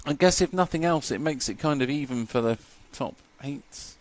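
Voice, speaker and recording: A man's voice: mid-range voice, moderate pace, dry recording. A man giving live commentary at a model car race, chatty and joking, laughing often.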